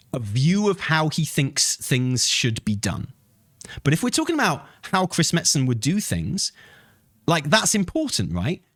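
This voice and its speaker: A man's voice: mid-range voice, dry recording, studio quality. A man streaming live who reads a post aloud and argues with his chat in a heated, profane way. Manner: profane, heated, argumentative, swings to shouting. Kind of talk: live commentary, reading a post aloud and replying.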